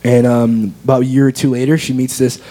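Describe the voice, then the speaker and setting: A young American man gives a personal testimony as an interview guest. His voice is warm and mellow. He tells his story earnestly and from the heart. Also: mid-range voice, level tone, brisk. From United States.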